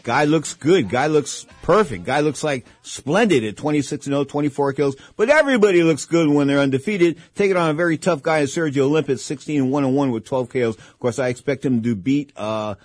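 A man's voice: fairly high pitch, expressive, fairly quick, hardly any pauses, no room sound. A man in his sixties hosting a radio talk show, telling long, rambling stories that drift from topic to topic. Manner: rambling, digressive storytelling.

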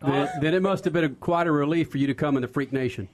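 Brief: upbeat male radio host, slightly high voice, announcer-like. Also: fast talker, noisy background. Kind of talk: radio show wrap-up.

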